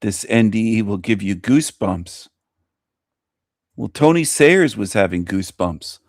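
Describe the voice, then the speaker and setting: A man with a lowish voice hosts his own show, speaking unhurriedly while commenting on a video he plays. He rants in an animated way, scornful and mocking, in a clean studio recording with no echo.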